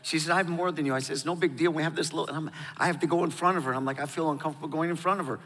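A man's voice: a little high, fairly even intonation, racing, a bit bright, long reverb tail. A middle-aged pastor telling personal stories as an interview guest, emotional and hesitant, often restarting his sentences.

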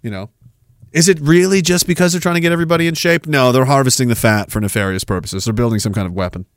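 A man's voice: medium pitch, fast talker, dry recording. A man hosting a livestream podcast, ranting sarcastically, laughing at his own riffs and reading chat comments aloud. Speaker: podcast host.

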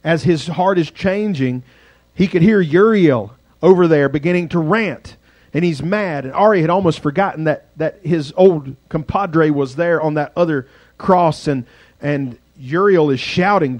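A male pastor telling a dramatic story in a sermon, swinging from loud passages to hushed ones. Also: a little high, a little slow, dry recording.

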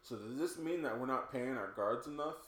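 Man, mid pitch, casual swearing, speculative chat, roomy echo. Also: lively intonation, fairly quick, a bit bright. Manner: speculative, reads out news quotes, swears casually. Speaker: podcast co-host. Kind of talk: casual banter. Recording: echoey room.

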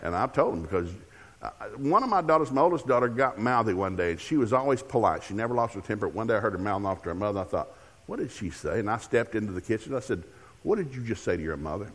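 Older preacher telling jokey family stories. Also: male voice, lowish voice, animated, quick pace, long reverb tail. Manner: humorous storytelling with acted-out dialogue. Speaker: guest preacher. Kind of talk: sermon. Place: church sanctuary.

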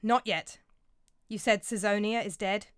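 A woman reading the lines of a commanding middle-aged king who gives curt, sharp orders in a storybook tale. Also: mid-range voice, steady tone, a little slow, clear, resonant tone, dry recording, studio quality, natural voice. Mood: stern.

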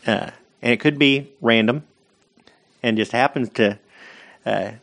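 A man's voice: mid-range voice, unhurried, creaky, fairly bright tone. A man co-hosting a casual podcast, bantering with dry, teasing humor. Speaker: podcast co-host.

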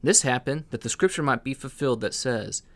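A man reading scripture aloud in a steady, deliberate way. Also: mid-range voice. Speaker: scripture reader.

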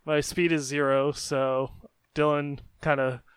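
Soft-spoken man playing a tabletop game. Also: a little high, level tone, unhurried, smooth, no echo. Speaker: player.

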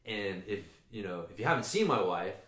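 A man's voice: lowish voice, very animated, fairly quick, fairly bright tone. A man in casual chat, telling a long rambling story with swearing and frequent restarts. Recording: roomy echo.

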